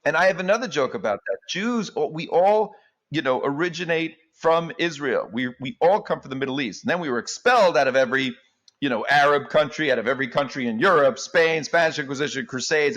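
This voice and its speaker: A man who is a comedian, talking as a guest in an animated, jokey way and acting out the quotes he tells. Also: on the high side. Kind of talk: comedic interview chat.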